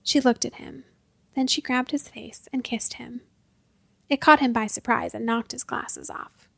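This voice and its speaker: High gravelly-voiced woman storyteller. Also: steady tone, measured pace, dry recording. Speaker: narrator. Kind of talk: audiobook story reading.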